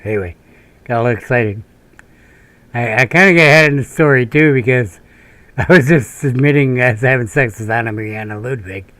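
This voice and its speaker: A man from northern Minnesota rambles over his gameplay, drifting from one half-remembered tale to the next. He swears casually and chuckles at his own asides, in a voice of ordinary middle pitch. The recording is dry, with no room sound around him. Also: brisk, a bit bright, dry recording. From northern Minnesota, USA. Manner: meandering, profane storytelling with frequent laughs and tangents. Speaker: gaming channel host. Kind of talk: rambling commentary during gameplay.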